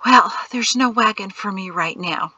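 A woman's voice: medium pitch, unhurried, bright, forceful tone, husky, dull audio. A woman reading an audiobook, voicing a stubborn, heavily pregnant woman who talks bluntly and wryly. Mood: defiant. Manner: blunt, wry, defiant.

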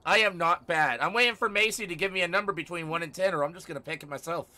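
A man live-streaming a game from home, chatting casually with viewers, teasing and swearing, often bursting out loudly. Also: high-pitched, fast. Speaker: livestreamer.

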